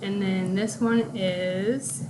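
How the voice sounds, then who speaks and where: Slow, deliberate woman teacher. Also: medium pitch, steady tone, noisy background. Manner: slow, deliberate, spells out punctuation. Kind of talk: recorded classroom lesson walkthrough.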